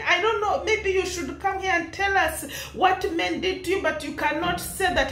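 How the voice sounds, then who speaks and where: A woman's voice: very high voice, moderate pace, few pauses, a bit bright, echoey room. A young woman with an East African accent, laughing often as she delivers an impassioned, preachy commentary. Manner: scolding, preachy, laughs often between lines. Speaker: vlogger commenting on a public dispute.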